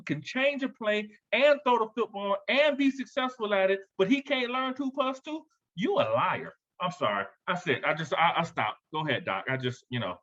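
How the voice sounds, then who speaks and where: A man from Miami, Florida with a Southern accent speaks at a high pitch, bluntly and like a preacher. He drops into low asides, then punches lines out loud. His voice comes through a dull, muffled video call. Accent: Southern American. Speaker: guest speaker, education doctor. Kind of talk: fiery panel talk.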